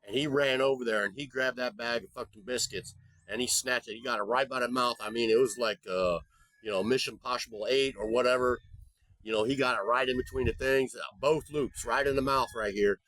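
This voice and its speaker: A man's voice: mid-range voice, fairly even intonation, fairly quick, a bit bright, no room sound. A man vlogging, telling a rambling story in a folksy, profane, casual way. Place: abroad in the Philippines.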